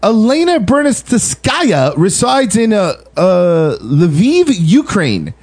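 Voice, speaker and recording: Male comedy podcast host, high lively voice, a little husky, swears freely. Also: slow. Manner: animated, swears, reads out profiles. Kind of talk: casual comedic podcast chat.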